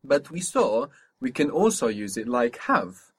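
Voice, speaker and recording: A man's voice: mid-range voice, big pitch swings, a little slow, slightly rough. A man teaching a spoken language lesson, patiently asking for phrases, repeating each answer back and explaining pronunciation.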